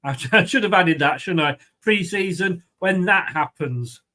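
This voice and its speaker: A man's voice: high voice, lively intonation, unhurried, bright, forceful tone. A man with a light, rambling, chatty manner, hosting a live football watchalong and reading out viewer comments. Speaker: host of a fan watchalong.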